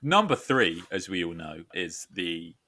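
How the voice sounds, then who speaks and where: A man co-hosting a casual podcast, playful and quick to laugh. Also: sits low, big pitch swings, sharp tone. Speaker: podcast co-host. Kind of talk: casual chat.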